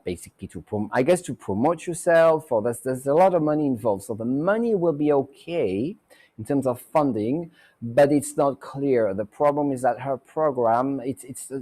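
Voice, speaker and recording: A man's voice: medium pitch, warm tone. A man hosting a psychic talk show, chatting loosely through a tarot reading with many fillers and restarts. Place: Mexico.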